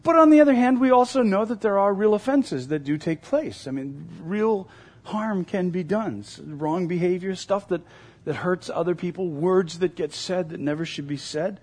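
A man's voice: sits high, animated, normal speed, darkish tone, husky. A male pastor preaching a sermon in an earnest, emphatic way, repeating key phrases.

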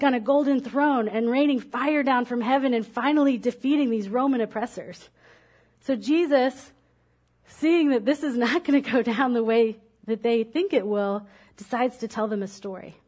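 A woman giving a sermon from a church stage, her voice sitting a little high. She reads scripture aloud, then speaks with frank, reflective honesty about her own struggles. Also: a little mellow. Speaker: preacher.

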